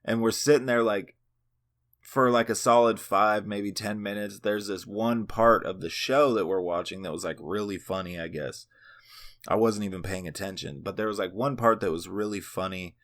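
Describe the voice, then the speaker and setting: A young man hosting his own show, telling a personal story in a relaxed, profane ramble. His voice sits a little low, and he slips into quoted voices of other people as he goes. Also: moderate pace. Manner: laid-back, profane, acts out quoted voices. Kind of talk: casual storytelling monologue.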